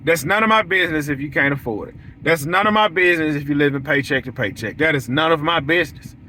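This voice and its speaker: A young man who owns a lawn care business, speaking casually but bluntly to his audience. He hammers his points home by repeating them. His voice is high and bright, with a sharp edge. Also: fast, a little hiss or hum. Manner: preachy, repetitive, blunt, acts out quoted lines.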